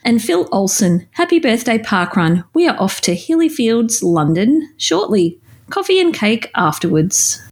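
A woman's voice: fairly high pitch, very animated, unhurried, darkish tone. Aussie woman co-host reading out messages, teasing and playful, voice jumps around a lot. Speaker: podcast co-host. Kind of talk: casual chat, reading listener messages.

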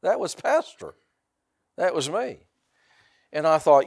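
Male pastor, middle-aged, slightly high voice, chatty sermon, rhetorical questions, sudden loud outbursts. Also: big pitch swings, takes it slowly, creaky, breathy edge. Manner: repeats words and restarts often; asks the congregation rhetorical questions.

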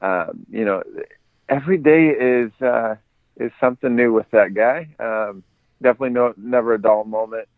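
A man's voice: mid-range voice, normal speed, dry recording. A man guest telling laid-back stories on a podcast, hesitant with many fillers, heard over a phone-like line. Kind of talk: casual storytelling.

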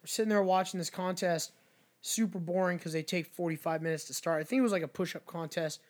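Quick and high-voiced, a Mexican podcast co-host chats casually, spinning lively stories full of swearing while acting out the lines people said.

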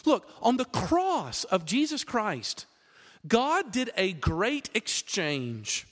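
A man preaching a sermon, chatty and animated, often pausing with fillers. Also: high-pitched. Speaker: pastor. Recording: long reverb of a large hall.

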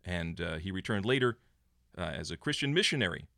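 A man's voice: sits low, a little fast, gravelly, dry recording, clean studio sound. A man co-hosting a comedy podcast, chatting casually and joking while sharing trivia, with plenty of fillers. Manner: jokey, animated, shares trivia with many fillers. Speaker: podcast co-host.

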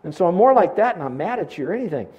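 An older man preaches with a slightly raised pitch, storytelling in a lively way. He swings between booming and hushed passages and trips over repeated words in his excitement. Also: rapid-fire, dull audio. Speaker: pastor. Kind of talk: sermon.

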